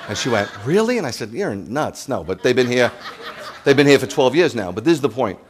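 A man, a rabbi preaching to his congregation in an animated, joking way and speaking straight to the listeners. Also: mid-range voice, fast talker, slight background noise. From New York. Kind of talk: sermon.

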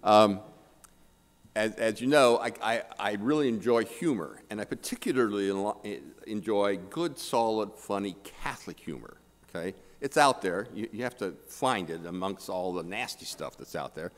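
A man's voice: fairly low pitch, lively intonation, moderate pace. An older man, a priest, giving a humorous sermon, often repeating words and checking in with "okay?". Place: church. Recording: long church reverb.

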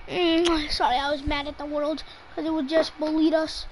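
A woman streaming her gameplay, giving excitable live commentary and teasing her teammates in mock outrage. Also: high voice, moderate pace, few pauses, a little hiss or hum, rough recording. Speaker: gamer streaming her play.

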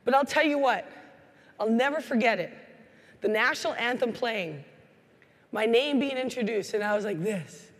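Energetic woman speaking in a reverberant hall. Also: fairly high pitch, normal speed, pauses often. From Canada. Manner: energetic storytelling, acting out quoted voices. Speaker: keynote speaker. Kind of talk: motivational keynote speech. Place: large hall.

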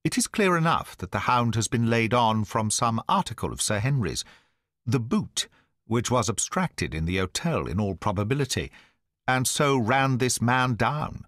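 A man reading the part of a sharp-minded male detective in an audiobook, speaking in crisp, urgent deductions. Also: medium pitch, big pitch swings, normal speed, no echo, clean studio sound.

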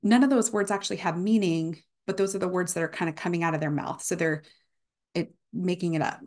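A woman's voice: on the low side, steady tone, a little fast, a little mellow. A young woman giving a casual university guest lecture, with many fillers, now and then acting out examples of speech errors.

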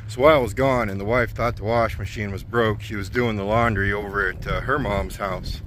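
A man's voice: lowish voice, steady tone, moderate pace, fairly bright tone, a little hiss or hum. A man chatting casually to his viewers in a folksy, rambling, self-deprecating way while going about his day. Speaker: trucking vlogger. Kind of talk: casual vlog chat to camera. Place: at home and around town.

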